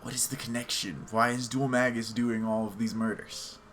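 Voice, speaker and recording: A man's voice: mid-range voice, level tone, normal speed, a bit bright. A man hosting a let's play, commenting on the game in a chatty, self-mocking way. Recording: game music playing behind the voice.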